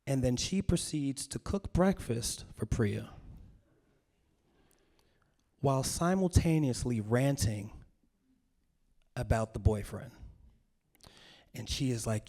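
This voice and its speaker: A male comedian telling a story live on stage in an animated, self-mocking way, acting out the scenes. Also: mid-range voice, a little slow, pauses often. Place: stage at a cultural center.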